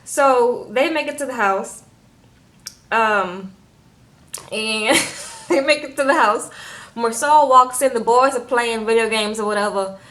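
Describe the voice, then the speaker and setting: A young woman chatting through a reality show recap, sassy and animated, often asking "okay?" and acting out the people she talks about. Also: on the high side, measured pace, long pauses. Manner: animated, sassy, acts out quotes in voices, says "okay?" a lot.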